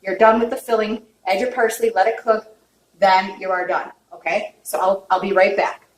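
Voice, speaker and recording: Recorded from a distance in an echoey home kitchen with faint background noise, a woman who cooks at home gives a relaxed, talkative demonstration, openly emotional and often asking after viewers. She speaks at a normal speed in a mid-range voice with fairly even intonation.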